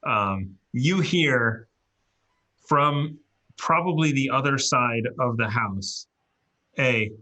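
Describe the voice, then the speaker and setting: Male dungeon master, bright tone, halting narration. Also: medium pitch. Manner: halting, filler-heavy narration. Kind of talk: narrating a tabletop game.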